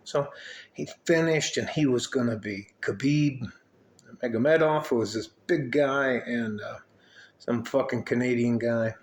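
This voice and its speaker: An older man speaks straight to the camera at a middle pitch, wandering from point to point with plenty of swearing and a fatherly tone. The room around him is echoey, so his voice bounces back audibly. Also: unhurried, a little hiss or hum. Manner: rambling, profane, fatherly. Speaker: mentor and coach to young men. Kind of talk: casual vlog talk to camera. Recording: roomy echo.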